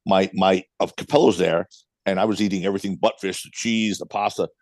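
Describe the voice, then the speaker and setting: Deep-voiced Brooklyn man telling stories. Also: brisk, no echo. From United States. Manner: blunt, animated storyteller who swears. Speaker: guest, club owner. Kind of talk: casual interview storytelling.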